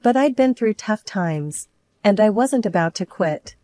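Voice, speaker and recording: A woman's voice: mid-range voice, lively intonation, measured pace, warm tone, dry recording. A woman narrating a dramatic first-person story in a tense telling.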